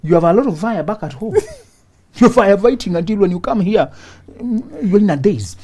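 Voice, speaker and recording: A man with a husky, mellow voice hosts a studio advice show. His pitch swings widely as he talks. He laughs often, acts out little scenes and repeats his points for emphasis. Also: animated, moderate pace. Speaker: relationship talk show host.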